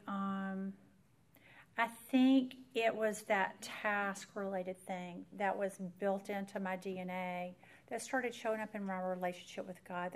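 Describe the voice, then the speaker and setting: A woman, earnestly telling a personal faith story to an audience as a Bible teacher. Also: medium pitch. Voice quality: earnest storyteller who speaks straight to the audience. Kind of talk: personal faith testimony talk.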